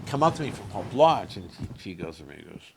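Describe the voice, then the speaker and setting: A man's voice: fairly low pitch, big pitch swings, quick pace, creaky, a crowd in the background. A man in his late sixties, a comedian, chatting casually and telling rambling stories that he acts out with quotes. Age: 60s. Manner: rambling storyteller, fond of acting out quotes. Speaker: comedian guest. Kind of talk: casual chat.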